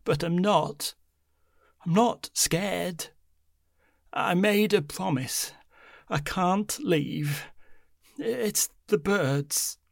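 A man voicing a frightened old grandmother, slow and trembling. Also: high voice, creaky, dry recording, clean studio sound, voice pushed up, full character voice. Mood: haunted, insistent. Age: older. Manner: slow, halting, trembling pleas.

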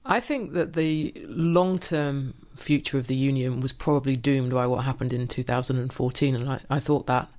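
A man's voice: mid-range voice, steady tone, moderate pace, few pauses, a little mellow. A man giving careful, qualified analysis as a podcast panelist. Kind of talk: analytical discussion.

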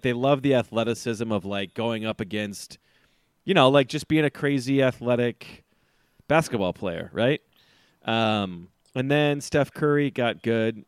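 Male podcast co-host, low and resonant, dry mic, loose teasing sports chat. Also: clean tone, no echo. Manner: rambling, teasing, laughs often. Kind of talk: casual sports banter.

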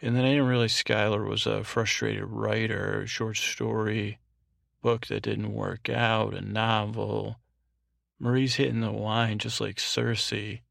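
A man's voice: lowish voice, gravelly, a bit bright, no echo, clean studio sound. A man hosting a bedtime podcast, recapping an episode in a meandering way with fillers and restarts. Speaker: podcast host.

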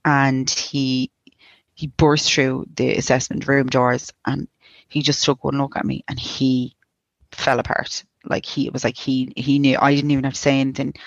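An Irish woman in her thirties speaks with a gravelly edge, halting and restarting as she recounts a painful story and quotes the people around her. The recording is close and dry, with a slightly dull, lo-fi tone. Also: a bass voice, flat delivery, dry recording. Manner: halting, many restarts and likes, quoting others. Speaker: guest sharing a personal story. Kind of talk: emotional personal account.

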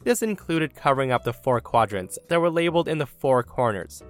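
A man's voice: mid-range voice, expressive, fairly quick, faint music behind. Upbeat male podcast narrator. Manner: upbeat, chatty, often addresses listeners as guys. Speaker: podcast host and story narrator. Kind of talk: reading forum stories aloud.

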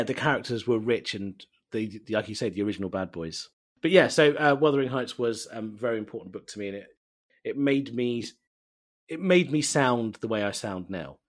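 A man from East London, a native Bengali speaker, telling animated, self-mocking stories as a guest in a casual interview. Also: medium pitch. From East London, England. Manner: animated storytelling, laughs often, self-mocking.

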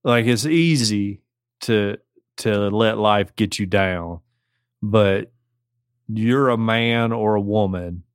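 A man's voice: on the low side, takes it slowly, smooth, dry recording, clean studio sound. A man with a Southern US accent co-hosting a podcast, giving joking, folksy advice in casual chat. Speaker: podcast co-host.

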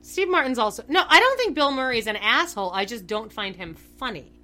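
A woman's voice: fairly high pitch, expressive, a little fast, bright, forceful tone, soft background music. A young woman co-hosting a podcast, chatting bluntly and laughing often. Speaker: podcast co-host. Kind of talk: casual chat.

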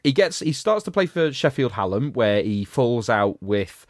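A man's voice: medium pitch, big pitch swings, moderate pace, no room sound, studio quality. A man hosting a podcast, giving a sardonic, rambling recap of a film in casual chat. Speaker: podcast host reviewing a film.

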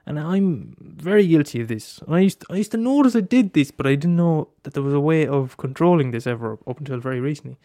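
A man's voice: on the high side, animated, quick pace, few pauses, mellow, no room sound, clean studio sound. A man in a rambling casual monologue, swearing often and restarting his sentences.

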